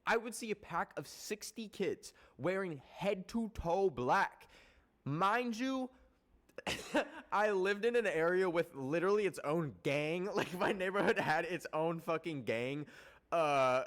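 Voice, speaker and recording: A man's voice: high voice, takes it slowly. Rambling, profane Canadian-born male streamer. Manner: rambling, profane, excitable, with laughs. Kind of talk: casual chat to stream viewers.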